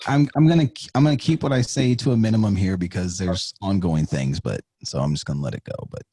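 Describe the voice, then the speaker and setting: A man guest on a casual podcast chat, animated, swearing freely and acting out what people said. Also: sits low, brisk, breathy edge.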